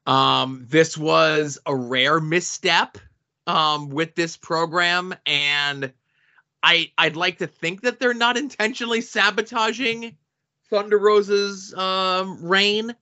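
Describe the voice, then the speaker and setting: Male co-host, dry wit, bright tense voice, slightly high, muffled audio. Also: fairly even intonation, takes it slowly. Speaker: podcast co-host. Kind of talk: casual chat. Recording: dull lo-fi sound.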